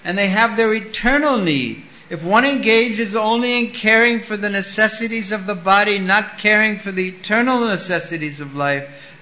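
A man giving a sermon, reading a scripture passage and explaining it with lively stories. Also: high-pitched, echoey room, slight background noise, low-quality recording. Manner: storytelling with acted-out voices. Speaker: spiritual teacher.

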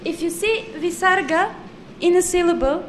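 A woman with a high, light voice leads a live class, patiently correcting students and drawing out each syllable with care. Steady noise hangs under her voice throughout the recording. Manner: patient, corrective, repeats words slowly and precisely. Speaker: Sanskrit pronunciation teacher.

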